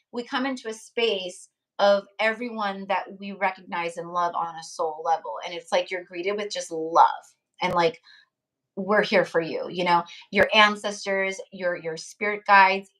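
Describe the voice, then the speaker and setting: A woman's voice: mid-range voice, fairly bright tone. A young woman hosting a live tarot stream, speaking in a rambling, heartfelt way, with many fillers and restarts. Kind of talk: casual live-stream chat.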